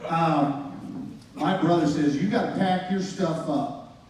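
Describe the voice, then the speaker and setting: This American testimony speaker talks slowly, his fairly high voice carrying a darkish tone. He tells his personal story casually and with slang, performing the dialogue himself, and he sounds far off in an echoey hall.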